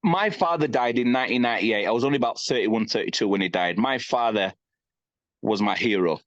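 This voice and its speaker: Brisk and mid-range, this man's voice comes through a dry recording with a slightly dull, lo-fi sound. He's in his fifties and is a guest on a podcast, giving frank interview answers in an emphatic, blunt way, swearing freely and often asking "you know what I mean."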